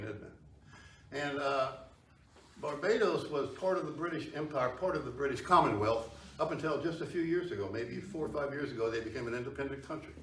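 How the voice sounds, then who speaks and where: A man's voice: mid-range voice, fairly bright tone, slight background noise. A man giving a conversational public history talk to an audience, often asking them questions. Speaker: history lecturer. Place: meeting hall with audience. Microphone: far tripod camera. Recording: echoey hall from far off.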